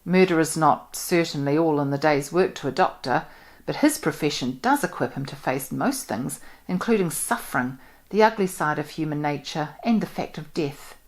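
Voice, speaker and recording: A woman from New Zealand reading a novel aloud in an expressive, measured way. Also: low-pitched. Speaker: audiobook reader.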